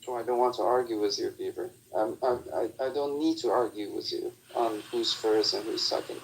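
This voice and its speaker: Gravelly, dismissive man on a voice chat. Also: fairly low pitch, normal speed, rough recording. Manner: dismissive, repeats himself curtly. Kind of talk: heated voice-chat argument.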